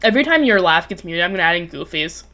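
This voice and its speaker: Animated young woman telling a story. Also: lowish voice, fast talker. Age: 20s. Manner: animated, swears freely, bursts into laughter. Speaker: podcast host. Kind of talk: casual storytelling chat. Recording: remote call, co-host audio cutting out.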